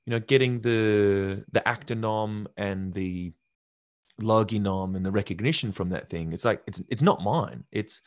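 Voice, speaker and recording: A young man tells stories in a casual interview, his voice sitting low and animated as he slips into other people's lines. The sound is close and dry, with no room around it. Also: a little slow, no echo. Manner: animated, acts out quotes from others. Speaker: actor guest.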